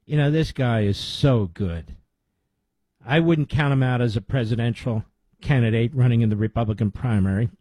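A man hosting a talk radio show, reading a sponsor pitch in an emphatic, folksy way and repeating details slowly. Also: dark tone, dry recording. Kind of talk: live-read sponsor ad and commentary.

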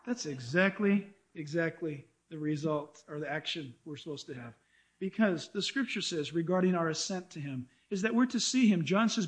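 A pastor preaching an animated sermon, acting out quotes and asking the congregation questions. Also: male voice, high-pitched, normal speed.

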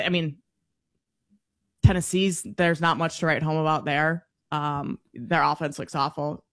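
A woman's voice: fairly low pitch, fairly bright tone, no room sound, clean studio sound. A woman co-hosting a sports show, chatty and full of likes and ums. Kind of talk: casual sports chat.

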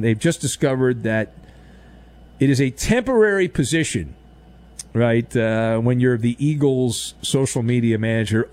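A man's voice: mid-range voice, unhurried. A man hosting a sports talk radio show, riffing sarcastically and mockingly in a studio monologue. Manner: sarcastic, mocking, animated riffs.

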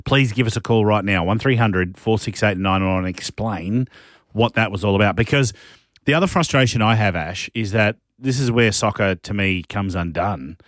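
Frank Australian radio host, dry studio sound. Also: male voice, on the low side, moderate pace, no echo. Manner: frank, exasperated, repeats himself. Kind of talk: casual radio chat. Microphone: studio microphone.

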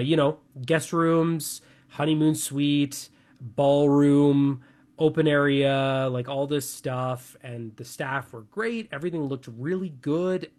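A young man co-hosting a casual talk segment. he talks in a chatty, animated way, full of little fillers and restarts. his pitch sits in the middle range. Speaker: radio show co-host.

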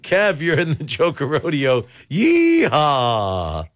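A man's voice: lowish voice, expressive, unhurried, background noise. A man hosting a call-in radio show, reading jokes and beer trivia with laughing asides. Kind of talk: casual radio call-in chat.

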